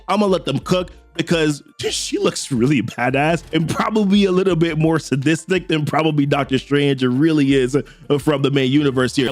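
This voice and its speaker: Animated man recapping a comic. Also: a little high, no room sound. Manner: animated, chuckles now and then. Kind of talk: comic story recap narration.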